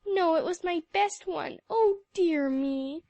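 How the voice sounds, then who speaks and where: Woman putting on a weepy schoolgirl, high teary wailing, super dry sound. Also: slow, dark tone, dry recording, heavily acted. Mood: tearful. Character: weepy young schoolgirl, easily distraught.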